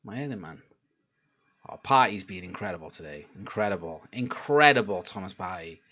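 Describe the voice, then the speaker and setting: A man's voice: low-pitched, expressive, moderate pace, sharp tone, slightly rough. A young man giving a casual live reaction to a football match, chatty and laughing, swearing and urging on the players. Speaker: football watchalong streamer.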